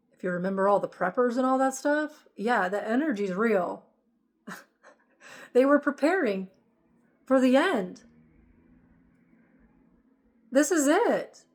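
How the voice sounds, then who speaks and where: A woman's voice: on the high side, expressive, a little slow, long pauses. A woman giving an emphatic, repetitive spiritual monologue as host of her channel.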